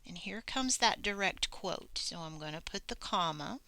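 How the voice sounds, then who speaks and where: A woman's voice: fairly low pitch, expressive, moderate pace, sharp tone, no echo. A woman teacher giving a recorded grammar lesson, patient and explaining step by step as she works.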